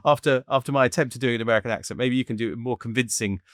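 A man's voice: mid-range voice, no echo, clean studio sound. A man with a South London accent co-hosting a podcast, wry and self-mocking in casual chat. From England. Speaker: podcast co-host.

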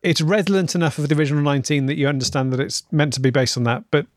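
A man's voice: on the high side, steady tone, very fast, no echo. A man from England co-hosting a comedy podcast, reading listener emails aloud with dry amusement. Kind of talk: casual chat.

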